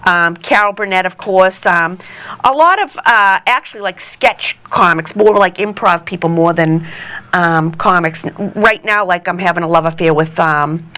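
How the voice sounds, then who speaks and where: A woman's voice: on the low side, normal speed, sharp tone. A middle-aged woman comedian with a Boston accent, telling stories in a brash, laughing way on a live podcast. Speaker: guest comedian.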